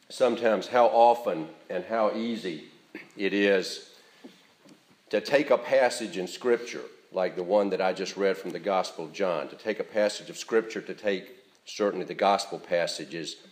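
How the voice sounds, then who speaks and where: A pastor delivering a Sunday sermon in a fairly low male voice, earnest and measured. He leans on key words to drive the point home. The sound carries the roomy echo of a church sanctuary.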